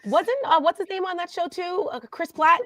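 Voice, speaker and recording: A woman's voice: very high-pitched, normal speed, fairly bright tone, no echo, studio quality. A woman co-hosting a podcast, upbeat and playful in casual chat. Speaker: podcast co-host.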